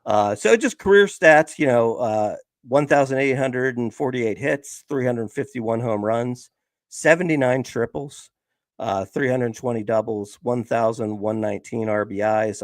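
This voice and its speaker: A man talks casually on a sports podcast, rambling and filling pauses with "um" and "like." His pitch sits in an ordinary middle range. The sound is dry and close, with no room around it. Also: no room sound. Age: 50s. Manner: rambling, filler-heavy. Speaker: podcast host.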